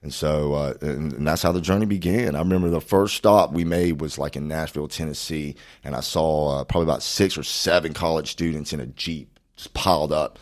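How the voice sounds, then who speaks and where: A man from Florida with an extremely deep voice. He is a podcast guest telling a long story in casual chat. His talk is laid-back, rambling and full of cursing. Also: brisk, hardly any pauses.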